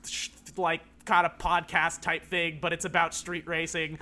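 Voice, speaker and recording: High bright-voiced rambling man. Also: completely flat delivery, normal speed. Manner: rambling, heavy filler words, laughing, swearing. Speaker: podcast co-host. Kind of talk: casual chat.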